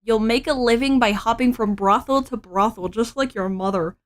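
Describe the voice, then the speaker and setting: A woman's voice: on the high side, normal speed, natural voice. A woman voicing a cruel noble father who speaks in a contemptuous, threatening way. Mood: scornful.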